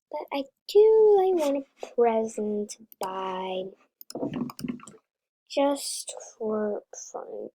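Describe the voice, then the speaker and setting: A woman giving casual, excitable commentary while playing a game, sometimes dropping into whispers. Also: fairly high pitch, very slow, long pauses. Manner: chatty and excitable, drops into whispers. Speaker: gaming video creator.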